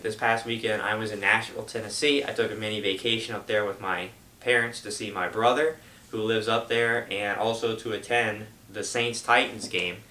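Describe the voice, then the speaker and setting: A young man hosts a casual video update for his gaming channel, wandering from point to point with plenty of fillers. His voice sits low but has a bright edge. The room around him echoes, and a faint hum runs underneath. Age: young adult. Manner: rambling, loose, lots of fillers. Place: home room.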